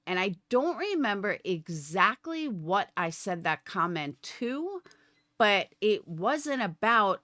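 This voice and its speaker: A woman's voice: mid-range voice, big pitch swings, slow pace, sharp tone, dry recording, clean studio sound. A woman live streamer ranting at her viewers, profane and combative. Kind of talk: livestream rant.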